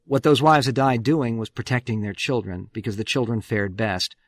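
A man's voice: mid-range voice, steady tone, moderate pace. Emphatic male radio history storyteller. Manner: emphatic storyteller, swings loud on key words. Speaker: radio host.

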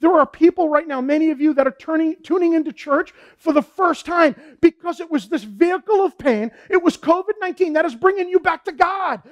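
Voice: very high-pitched, fairly quick, hardly any pauses, muffled recording. A pastor preaching a sermon in a fervent, repetitive way, often saying "man" and "folks".

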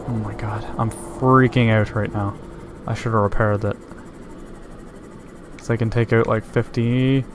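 A man giving let's-play commentary while playing a game, nervous and easily startled, breaking into screams when scared. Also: medium pitch. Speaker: gameplay commentator.

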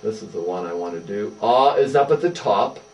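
A speech therapist leads a young child through voice exercises, her mid-range voice animated and at normal speed, full of sing-song, encouraging praise. The setting is an indoor therapy room. It's picked up by a distant mic, with a faint mains hum underneath.

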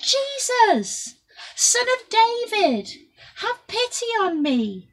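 Desperate blind beggar man played by a woman, shouting high and loud, pleading, storybook telling. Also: sing-song, takes it slowly, slightly rough, heavily acted, low-quality recording. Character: blind male beggar crying out for help.

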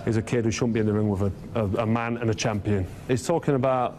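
A man's voice: medium pitch, steady tone, fast, hardly any pauses, a little mellow, a little hiss or hum. A man, a boxer, talking at a press conference, dismissive and self-assured about the fight. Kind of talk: press conference trash talk.

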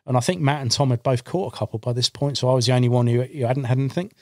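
Man, casual storyteller, mid-pitched voice, dry close studio sound. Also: very fast, dry recording. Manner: animated anecdote-telling, acts out his own past lines. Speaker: podcast guest, carp angler. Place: podcast studio. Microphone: studio microphone.

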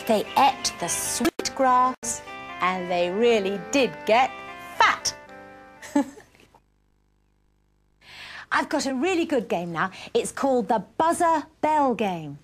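A woman presenting a children's programme, reading a story aloud and coaxing children with questions in an animated way. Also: fairly high pitch. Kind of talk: storytelling and quiz game for children.

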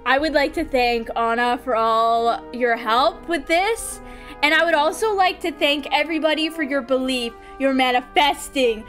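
A woman streaming a video game live, commenting excitedly and talking straight to her chat. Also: high-pitched, normal speed, faint music behind.

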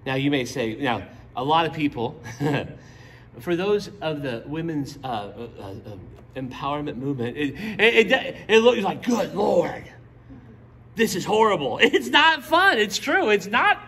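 A man's voice: on the high side, expressive, measured pace, bright, forceful tone, a little hiss or hum. A pastor teaching a casual Bible study, joking with his listeners and acting out the characters' lines. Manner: playful, jokes with the audience and acts out characters' lines.

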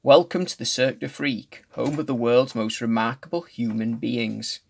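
A man reading aloud as a tall, eerie male circus ringmaster with a low, croaky voice, delivering solemn warnings. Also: normal speed. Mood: ominous.

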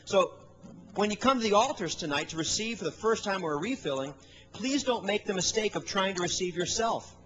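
Man, middle-aged, preacher, high voice, folksy storytelling, faint hiss behind. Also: animated, fairly quick, fairly bright tone, low-quality recording. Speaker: guest preacher. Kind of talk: sermon. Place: church service.

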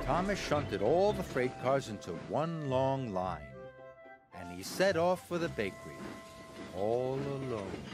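A man narrating a children's story in an expressive storybook style. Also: medium pitch. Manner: slow, expressive. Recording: music bed underneath. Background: music.

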